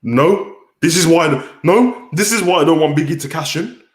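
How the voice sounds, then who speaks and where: A man's voice: on the high side, expressive, moderate pace. Give me a blunt man ranting to his livestream chat, in a roomy, echoing space. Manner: blunt, worked-up ranting with frequent restarts. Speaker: wrestling commentator and livestream host. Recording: roomy echo.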